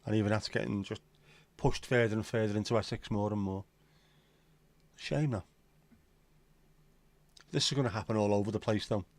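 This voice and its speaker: A man's voice: fairly low pitch, steady tone, moderate pace, pauses often, a little mellow, no room sound. A middle-aged man with a Liverpool accent, hosting a livestream and chatting casually in an opinionated, sweary, rambling way. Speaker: livestream host. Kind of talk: casual chat to a live audience.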